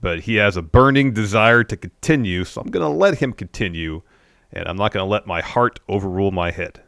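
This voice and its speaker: A man's voice: fairly low pitch, lively intonation, fairly quick, vocal fry, fairly bright tone, dry recording. A man co-hosting a casual wrestling review podcast, laid-back and dry, often giving short agreeing replies. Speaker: podcast co-host.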